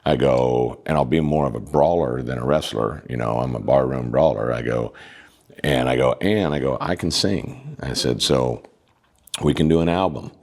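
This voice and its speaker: Very deep-voiced man telling stories. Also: moderate pace, gravelly, a little mellow. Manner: long anecdotes acting out quoted dialogue. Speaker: guest. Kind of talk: casual storytelling interview. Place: podcast studio.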